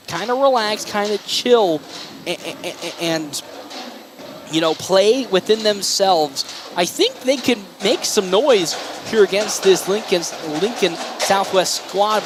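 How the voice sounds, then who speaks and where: A man calling a local high school basketball broadcast, chatty and rambling with self-corrections. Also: background noise. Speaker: play-by-play broadcaster. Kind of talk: local radio sports commentary.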